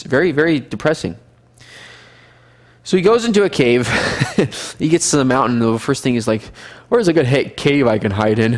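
With a fairly high-pitched voice, a man leads a Bible study class. He reads scripture aloud, explains it conversationally, and puts questions to the class.

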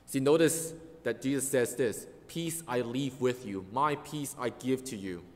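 A male pastor delivers an earnest sermon in a church sanctuary, stressing key words with emphasis. His mid-pitched voice rings with the long reverb of a large hall.

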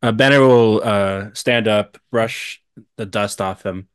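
A man playing a hero in a tabletop role-playing game, relaxed in tone. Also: lowish voice, takes it slowly, clean tone, no room sound, clean studio sound. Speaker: player.

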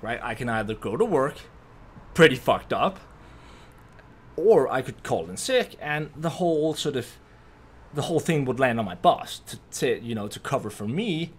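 A man tells a story in a casual vlog. His voice is husky, with a little rasp in it. His pitch swings widely as he rambles, tossing in "right?" and restarting his sentences. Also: a bit bright. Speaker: YouTube host.

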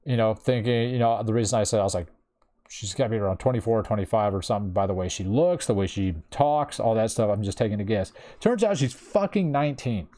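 A man's voice: fairly low pitch, animated, fast, dark tone. A man in his thirties telling a personal story in casual chat, rambling with lots of fillers and swearing freely. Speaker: streamer.

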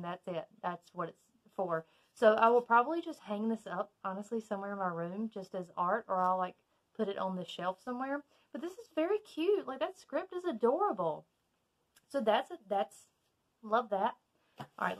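Southern woman, chatty book vlogger, gushes over each item, casual unboxing in her bedroom. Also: mid-range voice. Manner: chatty, excitable, gushing. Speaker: book YouTuber. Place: bedroom at home.

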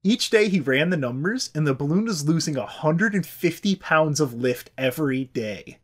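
A man's voice: a little high, lively intonation, moderate pace. A man hosting a podcast, telling a history story in a casual, irreverent way and swearing freely. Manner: irreverent, swears freely, does silly voices. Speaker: podcast host.

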